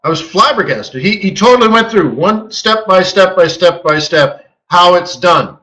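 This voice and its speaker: A man hosting a live trading webinar, telling a story in a casual, animated way and acting out quotes with a chuckle. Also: sits high, moderate pace, low-quality recording. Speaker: forex market strategist hosting a live webinar.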